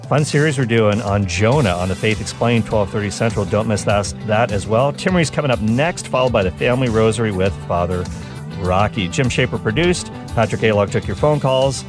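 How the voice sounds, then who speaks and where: A man's voice: fairly low pitch, animated, a little fast, music in the background. A man from Canada hosting a live radio call-in show, upbeat and joking with his callers.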